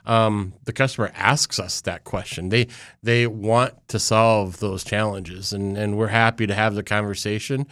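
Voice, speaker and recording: A man from an IT firm talks as a guest in a relaxed way, poking fun at himself as he goes. His voice sits low, and the studio sound is dry. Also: normal speed, no room sound. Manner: affable, self-deprecating, with frequent restarts. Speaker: IT company executive guest. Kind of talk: casual radio interview.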